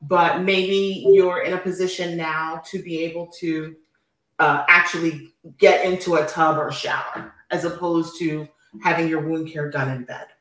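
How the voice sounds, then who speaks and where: Guest nurse, a middle-aged woman with a lowish voice, patient and explanatory, recorded in an echoey room. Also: fairly even intonation, unhurried, fairly bright tone. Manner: patient, explains step by step with many fillers. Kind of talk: explanatory interview answers.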